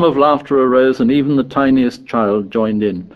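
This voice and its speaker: A man narrating a novel in a measured, even storytelling voice. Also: mid-range voice, highs cut off. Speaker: audiobook narrator.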